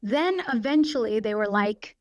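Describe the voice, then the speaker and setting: Chatty woman with a fairly high voice. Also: animated, no echo. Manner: chatty, fast storytelling with frequent "like". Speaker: guest. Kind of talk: casual anecdote telling.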